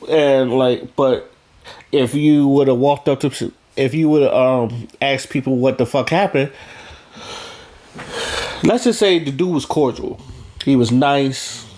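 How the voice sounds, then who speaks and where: Man, mid-pitched voice, casual vlog monologue, blunt, profane, rambling with restarts. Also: takes it slowly, pauses often, a little mellow. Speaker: vlogger.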